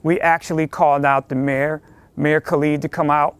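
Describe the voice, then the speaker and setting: A male news reporter with a somewhat high voice delivers his report earnestly and with emphasis. His tone stays steady and clear throughout. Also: moderate pace, no room sound.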